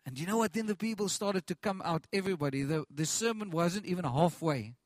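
A man's voice: high voice, expressive, brisk, dry recording. A man preaching a sermon with passion, repeating phrases, restarting lines and calling out to the congregation.

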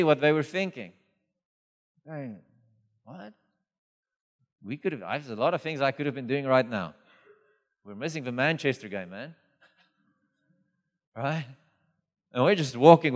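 Preacher in a reverberant hall. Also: male voice, a little high. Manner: animated storytelling, acts out dialogue. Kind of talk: sermon.

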